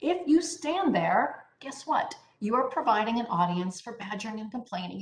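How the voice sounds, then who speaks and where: A woman's voice: medium pitch, expressive, normal speed, hardly any pauses. Woman giving an emphatic parenting talk. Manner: emphatic, keeps asking "right?". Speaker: parenting educator. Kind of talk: instructional presentation. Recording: echoey room.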